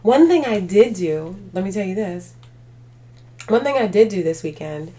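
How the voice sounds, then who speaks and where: A woman's voice: mid-range voice, sing-song, moderate pace, warm tone, slight background noise. A woman hosting a livestream, tired and chatting away to her viewers. She rambles, leans heavily on filler words and laughs easily, in a mid-range voice for a woman. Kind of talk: casual live chat.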